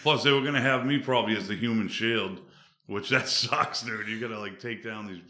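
A man's voice: lowish voice, fairly even intonation, a little fast, pushed and bright. A man from the Boston suburbs, a podcast guest, chatting in a rambling, laid-back way with lots of fillers. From Boston suburbs, USA. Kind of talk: casual chat. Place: studio. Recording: roomy echo.

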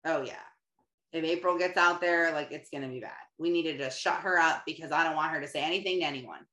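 A woman voicing a scheming devil who plots to keep someone quiet, in a lowered, conspiratorial mutter. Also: quick pace, echoey room.

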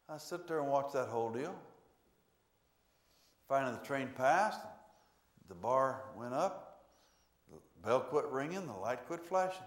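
A male pastor delivering a sermon in a church, preaching emphatically with sudden loud swells. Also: mid-range voice, animated, a little slow, pauses often. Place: church sanctuary. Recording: echoey church room.

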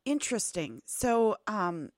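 A woman hosting an interview, asking thoughtful, halting questions. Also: mid-range voice, very animated, no room sound, clean studio sound. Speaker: podcast host. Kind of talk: conversational interview.

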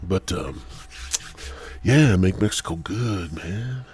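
A man's voice: deep voice, expressive, takes it slowly, a little mellow. A man hosting a podcast alone, rambling loosely through a profane monologue into a mic. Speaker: podcast host.

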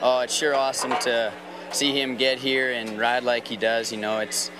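A man's voice: medium pitch, flat delivery, moderate pace, background noise. A man from Canada interviewed as a bull rider, modest and rambling with fillers. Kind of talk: post-ride interview.

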